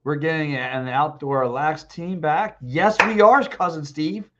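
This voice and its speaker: A man in his fifties hosting a podcast, talking sports alone and reading out live comments, blunt and excitable, repeating himself, a little hoarse with a dry throat. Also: a little high, unhurried, noisy background. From Philadelphia. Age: 50s. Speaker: podcast host. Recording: dull lo-fi stream audio.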